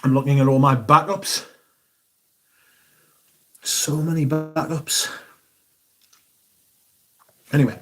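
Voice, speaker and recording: A man's voice: a little high, fairly even intonation, slow, long pauses. A man hosting a casual livestream from his room at home, talking to viewers while he tidies, sweary and theatrical. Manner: sweary, theatrical, grumbling to himself. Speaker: livestream host. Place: room at home, moving about while tidying.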